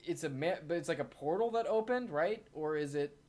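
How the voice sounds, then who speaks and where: A woman's voice: low voice, lively intonation, a little fast, a little mellow. A woman playing a tabletop game, hesitant and thinking aloud. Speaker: player. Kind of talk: casual tabletop play.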